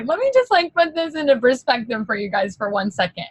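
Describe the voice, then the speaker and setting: Husky-voiced woman giving an emotional pep talk. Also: high-pitched, a little fast, few pauses, dry recording, rough recording. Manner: emotional and excitable, full of "like"; casual, chatty, mild swearing. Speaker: sales team leader. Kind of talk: motivational pep talk to a team.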